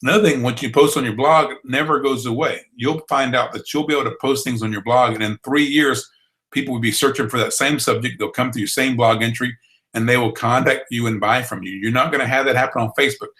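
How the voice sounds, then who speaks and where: A man's voice: mid-range voice, fairly even intonation, fast, bright, forceful tone, poor audio. A man with a Southern US accent and drawl, teaching a blogging course in a folksy, encouraging way. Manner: folksy, encouraging, repeats itself. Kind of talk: online training broadcast.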